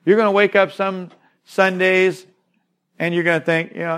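Male pastor, slightly high voice, emphatic sermon delivery with repetition. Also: flat delivery, normal speed, a bit bright, smooth. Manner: emphatic, repeats key words, calls on listeners to say words aloud.

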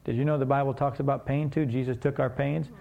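A man's voice: mid-range voice, fairly even intonation, fast talker, vocal fry, darkish tone. A man preaching a sermon, telling a story and asking the congregation questions in a conversational way.

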